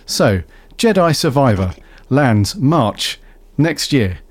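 A man hosting a casual podcast, relaxed and steering the talk along. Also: medium pitch, slow pace. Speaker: podcast host. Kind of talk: casual chat.

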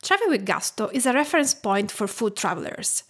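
A woman's voice: on the high side, big pitch swings, fairly quick, breathy edge. A woman in her thirties from Tuscany with an Italian accent, narrating her food podcast in a reflective storytelling way. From Tuscany, Italy. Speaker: podcast host.

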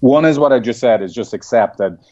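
A man who works as a marriage and family therapist, telling stories in a lively conversational way and often asking "right?". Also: medium pitch, a little fast, lo-fi sound. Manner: animated storytelling with frequent rhetorical "right?". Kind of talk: conversational podcast interview.

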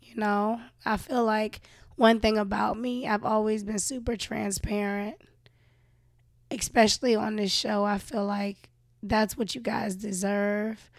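A woman's voice: medium pitch, flat delivery, a little slow, gravelly, dry recording, studio quality. Sick, coughing young woman venting. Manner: venting, profane, addresses listeners as y'all. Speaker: show host. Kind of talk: candid casual monologue.

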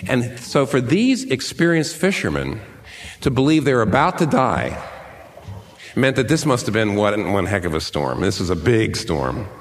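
Animated male preacher with lively pitch. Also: measured pace. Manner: conversational and emphatic, with lively pitch swings. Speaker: pastor. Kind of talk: sermon.

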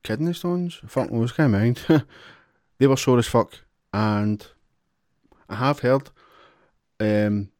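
A man's voice: mid-range voice, takes it slowly, pauses often, a little mellow, dry recording, clean studio sound. A man co-hosting a podcast in casual chat, blunt and laughing often, swearing freely. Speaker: podcast co-host.

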